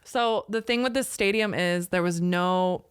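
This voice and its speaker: A woman, telling a story on a podcast in an animated, casual way with plenty of swearing and "like". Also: fairly low pitch, measured pace, smooth, dry recording. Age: 30s. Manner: animated, profane storyteller with lots of "like". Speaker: guest.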